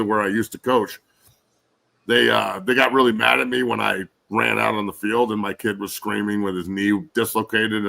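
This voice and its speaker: A man's voice: on the low side, creaky, pushed and bright, low-quality recording. A man in his forties, a guest and former pro football player, ranting angrily and cursing in casual podcast chat. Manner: angry, profane ranting.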